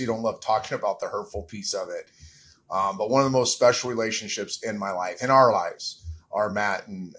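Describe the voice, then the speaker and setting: A man's voice: on the low side, fairly bright tone. A middle-aged man speaking as an interview guest, candid and reflective, his voice catching with emotion at times. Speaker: interview guest, former quarterback.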